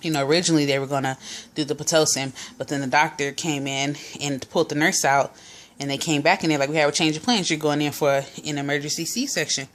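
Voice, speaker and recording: A woman's voice: deep voice, steady tone, fast talker. A young woman vlogger casually telling a personal story, chatty, full of fillers and quoted dialogue.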